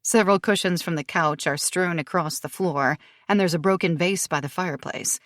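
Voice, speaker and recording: Low-voiced woman narrating a thriller. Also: normal speed, a bit bright, no room sound, clean studio sound. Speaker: audiobook narrator.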